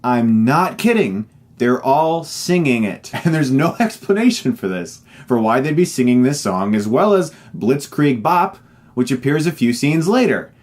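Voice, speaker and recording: A man's voice: mid-range voice, sing-song, a little slow. A man delivering an online movie review in an emphatic, exasperated way. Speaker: film reviewer.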